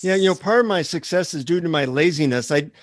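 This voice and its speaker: A man, a guest author, telling relaxed, self-deprecating anecdotes in an interview. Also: a little high, fast, no echo. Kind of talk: interview storytelling.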